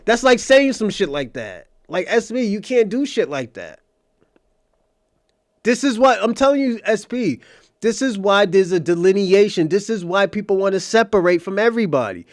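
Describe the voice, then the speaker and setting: High-voiced man ranting emphatically. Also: sing-song, moderate pace, dry recording, clean studio sound. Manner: emphatic, profane, repetitive, argumentative. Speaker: host of a commentary channel. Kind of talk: casual livestream commentary.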